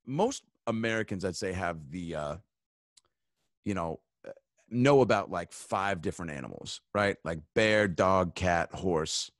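A man's voice: deep voice, lively intonation, unhurried, dry recording, studio quality. A male comedian guest on a podcast, riffing in rambling, swear-laden bits full of fillers. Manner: rambling comic riffs, frequent swearing and fillers. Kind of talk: casual podcast chat.

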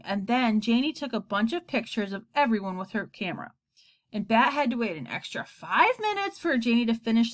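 A woman narrating a children's book aloud in an expressive storytelling style. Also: medium pitch.

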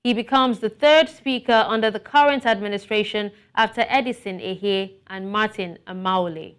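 Woman news anchor, brisk and formal. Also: medium pitch, smooth. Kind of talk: news presenting and interviewing.

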